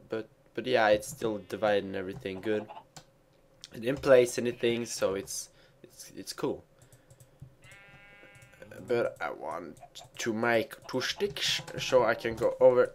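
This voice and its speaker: A man giving casual let's play commentary while he plays, rambling and mocking himself with stumbling restarts. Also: on the low side. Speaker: gamer.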